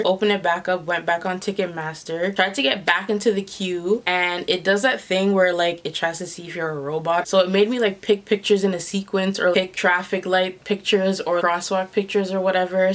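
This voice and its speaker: A young woman from Toronto telling a storytime vlog in an exasperated, animated way, full of slang. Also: lowish voice. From Toronto, Canada. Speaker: vlogger.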